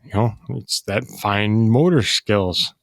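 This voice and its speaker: A man's voice: on the low side, slow, gravelly, no echo. Hesitant man chiming in. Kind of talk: casual podcast chat.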